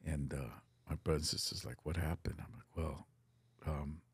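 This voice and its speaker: A man's voice: very deep voice, fairly even intonation, moderate pace, husky, dry recording. A middle-aged man telling a personal story on a podcast in an earnest, casual way, slipping into Spanish phrases and swearing freely. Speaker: podcast guest.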